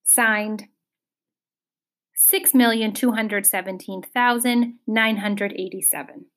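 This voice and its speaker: A woman reading a children's novel aloud, giving the characters expressive voices. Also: mid-range voice, slow. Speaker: audiobook reader. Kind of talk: storybook reading.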